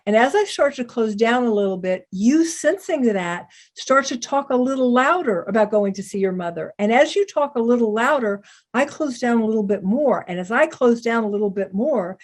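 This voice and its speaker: A woman speaking calmly and deliberately, explaining how to stay open in difficult conversations. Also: a little high. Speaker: psychiatrist teaching communication. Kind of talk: calm explanatory talk.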